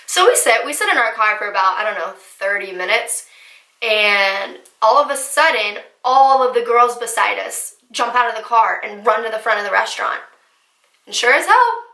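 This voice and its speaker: A young woman from New Jersey telling a casual storytime vlog in a chatty, animated way with lots of fillers. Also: fairly high pitch, moderate pace. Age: young adult. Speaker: vlogger. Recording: echoey room.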